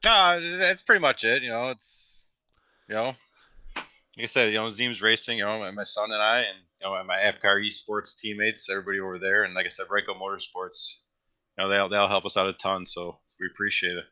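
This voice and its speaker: A man who is a sim racing driver, answering post-race questions modestly and haltingly, full of "you know" fillers. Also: fairly low pitch, fairly even intonation, bright, forceful tone, no room sound.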